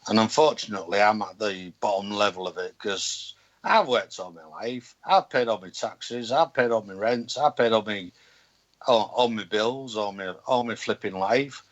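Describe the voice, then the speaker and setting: A man's voice: on the low side, moderate pace, lo-fi sound. A man with a Hull accent in casual conversation, speaking bluntly and outspokenly. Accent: Hull, Yorkshire. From Hull, England. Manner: blunt, outspoken, swearing freely. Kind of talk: casual chat.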